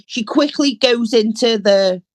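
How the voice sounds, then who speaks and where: A woman co-hosting a podcast, telling an old sitcom plot in a slow storytelling way. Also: on the high side, no echo. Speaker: podcast co-host. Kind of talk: casual chat recapping a sitcom episode.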